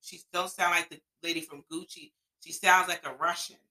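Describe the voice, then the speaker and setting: Bright-voiced blunt woman co-host. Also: on the low side, fairly even intonation, normal speed, poor audio. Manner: blunt, opinionated, swears freely. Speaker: podcast co-host. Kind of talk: casual chat.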